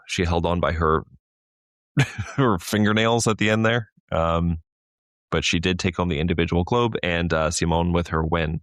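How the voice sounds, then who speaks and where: A man co-hosting a sports podcast in a casual, chatty way, laughing often and getting animated when telling a story. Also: deep voice, no room sound, studio quality. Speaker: podcast co-host. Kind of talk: casual chat.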